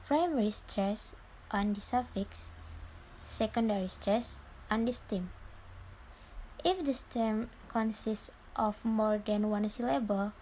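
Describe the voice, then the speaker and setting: A woman's voice: medium pitch, darkish tone, a little hiss or hum, rough recording. A young woman presenting in class, reading her notes aloud in short, broken phrases. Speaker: student presenter.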